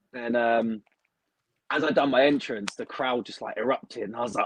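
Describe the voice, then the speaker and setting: A young man from the UK, a wrestler talking casually and excitedly in an interview, with lots of "like" fillers. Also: mid-range voice, a little fast, slightly rough, low-quality recording. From United Kingdom. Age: young adult. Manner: chatty, excitable, heavy use of "like". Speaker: wrestler, guest.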